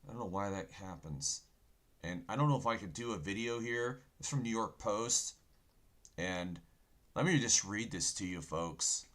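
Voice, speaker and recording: A man with a fairly low, slightly bright voice talks at a normal speed while hosting a casual livestream from his computer. He rambles in a folksy way, often saying "folks" and "okay," and preaches insistently on biblical points as keys clack in the background.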